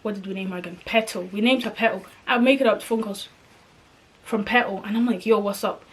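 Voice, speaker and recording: A young woman vlogger retelling a personal story in a slangy, animated way, acting out the dialogue. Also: mid-range voice, fast talker.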